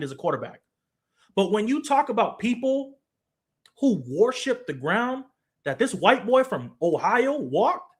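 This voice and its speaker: A man's voice: high voice, a bit bright. A man in his twenties hosting his own show, giving a passionate, blunt opinion monologue with casual slang and swearing, talking straight to the person he criticizes. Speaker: show host, former football player.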